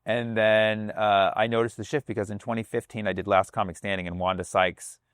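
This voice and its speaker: A male comedian chatting loosely on a podcast, his voice sitting a little low. He curses freely and acts out what other people say. The sound is dry and close. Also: little pitch movement, a little fast, a bit bright, clear, resonant tone, no echo. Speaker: comedian guest. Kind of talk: casual podcast conversation.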